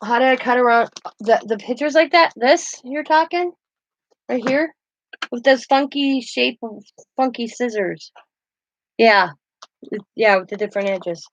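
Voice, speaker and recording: A slightly high-voiced woman talks unhurriedly and pauses often while showing keepsakes on her casual craft vlog. She's a chatty host, rambling through stories with laughter. The sound is dry and lo-fi.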